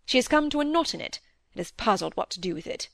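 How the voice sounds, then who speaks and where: A woman reading the part of a middle-aged male country doctor, a gruff but fond father who speaks gravely and with a little impatience. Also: on the high side, animated, fast, dry recording, studio quality. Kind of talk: audiobook dialogue reading.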